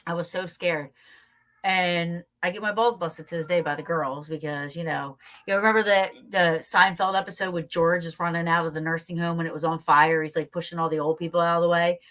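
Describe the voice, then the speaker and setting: A woman guest telling a story in a casual, animated way, laughing often and swearing freely. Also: fairly low pitch, fairly quick.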